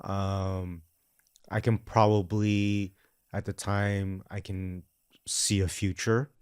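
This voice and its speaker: A man co-hosting a podcast with his wife, talking in a relaxed, rambling way with false starts. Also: sits low, slow pace, smooth, dry recording, clean studio sound. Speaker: podcast co-host. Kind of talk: casual chat.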